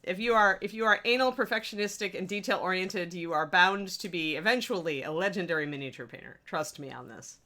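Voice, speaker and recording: Bubbly chatty woman streamer, bright voice. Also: fairly low pitch, a little fast, few pauses. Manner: bubbly, chatty, laughs often. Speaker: host of a miniature painting stream. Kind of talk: casual live-stream chat.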